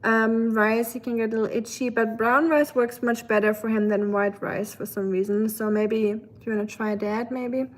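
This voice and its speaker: A woman's voice: a little high, fairly even intonation, moderate pace, hardly any pauses. A woman from Germany with a German accent, chatting casually with viewers on a live stream, full of fillers and reading out their comments.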